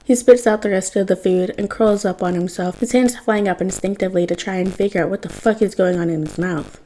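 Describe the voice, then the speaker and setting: A woman reads fan fiction aloud, narrating with a wry, expressive touch. Her voice is mellow and warm, with a middling pitch. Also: a little fast. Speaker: podfic reader.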